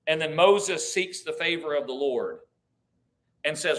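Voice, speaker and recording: A man's voice: on the high side, unhurried. A man teaching a church Bible class, thinking aloud with restarts, reading verses and asking the group questions. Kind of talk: conversational Bible study teaching.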